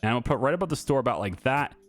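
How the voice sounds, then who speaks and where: A man's voice: medium pitch, animated, very fast, faint music behind. A man giving casual gameplay commentary, thinking aloud with fillers and restarts as he builds. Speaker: gaming YouTuber.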